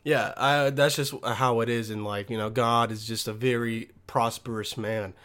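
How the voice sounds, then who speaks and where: A man's voice: medium pitch, fairly even intonation, normal speed, a bit bright, clear, resonant tone. A man delivering a crude, profane monologue, rambling and losing his thread, blunt and combative.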